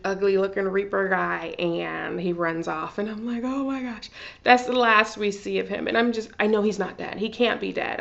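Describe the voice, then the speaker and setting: A woman chatting excitedly through a TV episode recap, full of fillers and gushing asides. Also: mid-range voice, gravelly, muffled recording. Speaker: TV recap vlogger. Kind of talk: casual TV recap.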